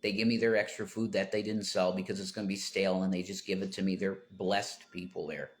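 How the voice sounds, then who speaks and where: A man's voice: low-pitched, level tone, fairly quick, slight background noise. A man talking to viewers on his livestream in a rambling, tangent-prone way, breaking into emphatic outbursts.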